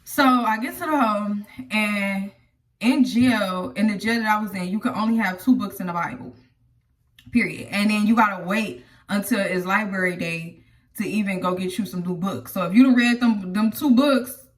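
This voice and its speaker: A woman's voice: medium pitch, normal speed, distant mic. A woman telling her own story to viewers in a casual, chatty way, often speaking straight to them.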